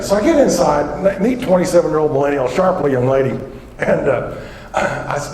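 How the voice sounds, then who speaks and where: Energetic joking man in an echoey hall. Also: fairly high pitch, moderate pace. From southwestern Colorado. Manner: energetic joking storyteller, quizzes the audience. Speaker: keynote economic speaker. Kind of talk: humorous conference keynote. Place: large conference hall.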